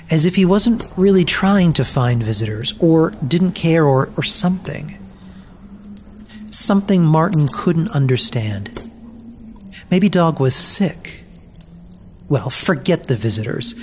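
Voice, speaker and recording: Slow, measured storybook narrator. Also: mid-range voice, a little hiss or hum. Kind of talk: scripted narration of a children's story.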